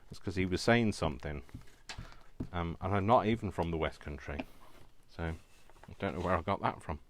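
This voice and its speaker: Low-voiced british guy rambling on while crafting, laughs a lot, chatty. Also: normal speed, noisy background. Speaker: craft video host. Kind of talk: casual chat while crafting.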